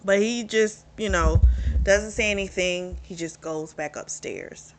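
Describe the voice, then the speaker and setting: A woman's voice: medium pitch, unhurried. A woman casually recapping a romance novel's plot as a book reviewer, chatty and candid, with free swearing.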